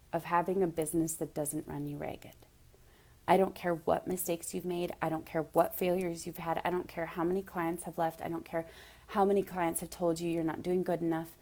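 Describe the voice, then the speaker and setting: Woman coach, low-ish voice, earnest and direct, emotional motivational talk. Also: mellow. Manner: emotional, near tears at times. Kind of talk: motivational monologue.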